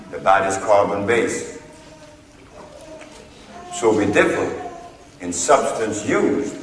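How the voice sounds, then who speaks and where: A man lectures slowly and deliberately, leaning on dramatic pauses and short, punchy lines like a seasoned storyteller. He is recorded from far off in a big, echoey hall, and a faint hiss of background noise sits under his voice. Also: mid-range voice. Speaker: speaker giving a talk on herbal healing. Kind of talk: lecture to an audience.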